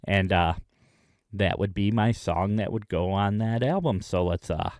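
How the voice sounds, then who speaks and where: A man hosting his own video, chatting enthusiastically in a casual rundown with frequent pauses. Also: low-pitched, darkish tone, no echo, studio quality. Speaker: music video host.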